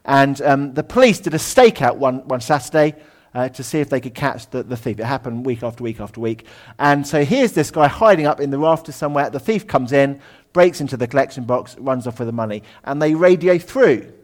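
A man delivering a sermon in an easygoing, conversational way, with fillers and asides. His pitch sits in a middle range, and he often drops his voice to a hush. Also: fairly quick, few pauses. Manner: conversational, with many ums and asides, dropping to a hush at times. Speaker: preacher. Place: lecture room.

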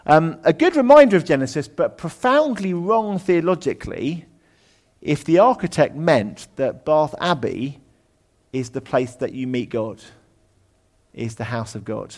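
A man preaching a conversational sermon in a lecture room, full of ums and asides, often dropping his voice low. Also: sing-song, unhurried, a little mellow.

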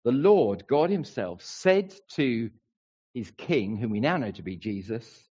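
Guy preaching to his church, bouncy animated delivery, slightly dull lo-fi sound. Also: lowish voice, measured pace, breathy edge. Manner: animated, emphatic, playful. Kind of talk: sermon. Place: church hall with a congregation.

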